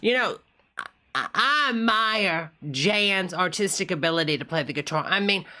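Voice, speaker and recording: A woman's voice: fairly low pitch, lively intonation, moderate pace. A woman hosting a casual live reaction stream. She chats with her viewers, calls them honey, and chants along with what she is watching. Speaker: livestream host. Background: loud music video playing.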